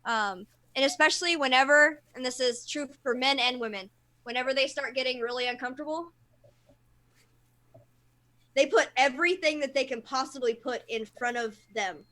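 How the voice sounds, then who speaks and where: A woman's voice: high-pitched, normal speed, pushed and bright. A woman who works with clients, talking openly and explaining things in casual chat. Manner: open, explanatory, many fillers. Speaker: therapist.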